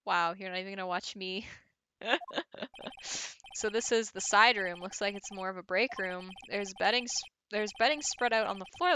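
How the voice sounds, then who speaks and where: A woman's voice: medium pitch, sharp tone, slight background noise. A woman streaming a game from home, chatting casually with viewers and reading game text aloud with little laughs.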